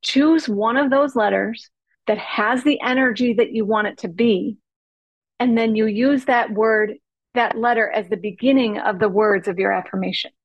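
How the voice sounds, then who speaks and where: Woman, workshop coach, fairly high voice, playful, animated, savors and stretches word sounds, dry close sound. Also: moderate pace, no room sound, dull audio. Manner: animated, acts out example phrases. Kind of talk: teaching workshop talk.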